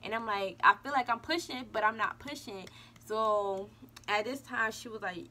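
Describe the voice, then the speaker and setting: A woman's voice: mid-range voice, moderate pace, bright, forceful tone, slight background noise. A young woman vlogger casually telling a birth story and talking straight to her viewers. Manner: chatty, addresses viewers as y'all.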